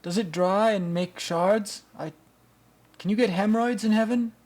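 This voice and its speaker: Man doing a mocking movie character, high squeaky voice, over the top, exaggerated. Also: moderate pace, darkish tone.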